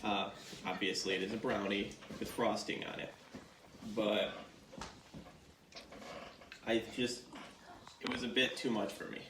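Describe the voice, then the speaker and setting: A man judging a home baking show, measured and polite. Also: lowish voice, steady tone, background noise. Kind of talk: casual judging chat. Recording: echoey room, distant mic.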